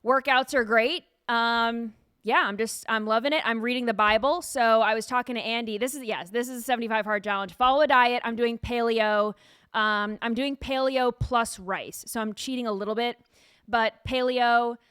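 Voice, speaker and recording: A woman podcast host in casual chat, telling stories in an animated way with frequent laughter, recorded in a studio. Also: on the high side, normal speed, clean tone, no room sound.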